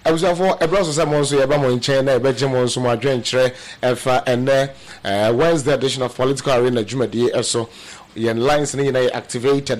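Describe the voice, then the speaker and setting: A man with a Ghanaian accent hosting a radio talk show, briskly announcing greetings and reading out phone lines. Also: mid-range voice, steady tone.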